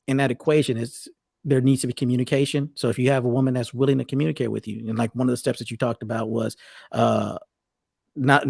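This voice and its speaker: Gravelly fast-talking man, rambling. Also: medium pitch, a little mellow, no room sound, studio quality. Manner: rambling, many restarts and self-corrections. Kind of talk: casual conversational talk.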